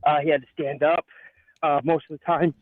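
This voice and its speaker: A man's voice: a little high, level tone, no echo. Breathless male caller on a tinny phone line. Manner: halting, with many fillers. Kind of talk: phone-in call.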